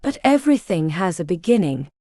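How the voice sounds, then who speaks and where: A woman's voice: fairly low pitch, big pitch swings, fairly quick, warm tone, dry recording, studio quality. A woman reading an audiobook, voicing a brooding, cynical male mercenary who speaks in short, clipped, guarded lines. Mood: incredulous.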